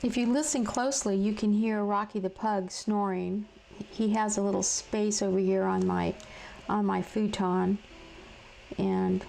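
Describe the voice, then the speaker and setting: A woman hosting a casual live craft demonstration from her home craft room. She is chatty and halting, with many fillers and restarts, and she talks to viewers in the chat while she colors. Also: mid-range voice, gravelly, mellow, slight background noise, rough recording. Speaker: crafting livestream host.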